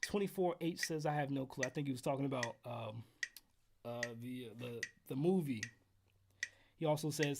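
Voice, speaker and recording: A man hosting a casual livestream trumpet lesson from home, counting in exercises and chatting with viewers in a relaxed way. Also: on the high side, moderate pace, vocal fry, noisy background. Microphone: headphones while streaming.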